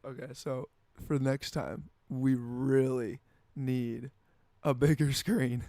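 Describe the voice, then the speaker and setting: Guy on a podcast, kinda hoarse, teasing his buddies, dry close sound. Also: mid-range voice, fairly even intonation, slow pace, dark tone, no echo. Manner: teasing, exclaiming. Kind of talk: casual chat.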